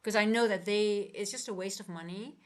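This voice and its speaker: A woman's voice: mid-range voice, fairly quick. A woman coaching traders on a casual livestream, talking earnestly and rambling with many restarts. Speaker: trading coach and livestream host.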